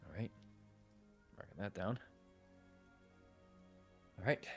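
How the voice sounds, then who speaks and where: A man with a fairly low voice narrates a tabletop game as its game master. He rambles, stops to correct himself and leans on fillers, and faint music plays behind him. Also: expressive, slow pace, creaky.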